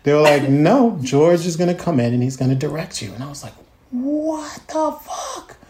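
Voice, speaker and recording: A man telling a story in casual chat, acting out quotes with big jumps in pitch. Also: fast talker, warm tone. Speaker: guest.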